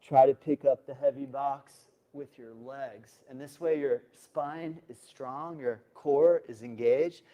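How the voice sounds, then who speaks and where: A man teaching yoga, calmly guiding beginners step by step through a balance pose. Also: medium pitch, takes it slowly, few pauses, muffled recording. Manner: calm step-by-step coaching. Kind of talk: instructional yoga demonstration.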